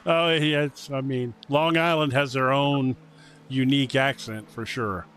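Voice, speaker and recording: A man from the United States giving relaxed color commentary on a sim race, rambling with ums and you-knows. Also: medium pitch, measured pace, slight background noise. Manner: chatty, rambling with um and you know.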